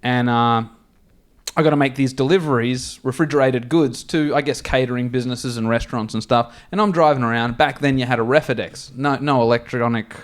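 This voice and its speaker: A man's voice: mid-range voice, brisk. A man with an Australian accent telling crude, sweary anecdotes on a comedy podcast. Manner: crude, swearing, animated storyteller. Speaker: podcast co-host. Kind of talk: casual comedy podcast storytelling.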